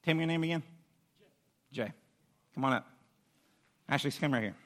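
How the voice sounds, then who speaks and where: A man preaches to a young crowd in a high, bright voice. He is animated and pleading as he leads a volunteer through a story. The sound rings in a church hall. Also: moderate pace. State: out of breath. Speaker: youth pastor. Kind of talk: sermon with audience demonstration.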